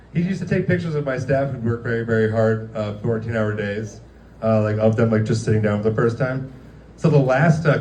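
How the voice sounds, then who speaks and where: Here a stand-up comic with a mid-range voice wanders through his stories, packing them with fillers and quotes he acts out. The guerrilla comedy venue sounds echoey, captured from far away, with a faint hiss or hum.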